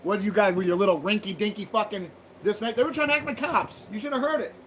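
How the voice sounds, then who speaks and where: A man's voice: sits high, quick pace, a little hiss or hum. A man hosting a livestream, ranting bluntly with heavy swearing and rambling restarts. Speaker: livestream host. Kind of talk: profane rambling monologue. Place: home livestream.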